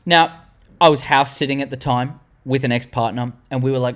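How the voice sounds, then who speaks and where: A young Australian man in his twenties, hosting a fan tier-list vlog and rambling excitedly with the odd swear word. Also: medium pitch, moderate pace. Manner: animated, rambling, swearing, loses words mid-sentence. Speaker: channel host.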